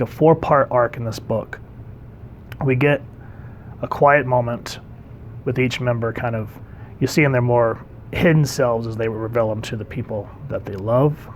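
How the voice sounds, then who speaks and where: A man's voice: mid-range voice, a little hiss or hum. A man casually reviewing a comic book, conversational and enthusiastic, with frequent ums. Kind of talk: casual commentary.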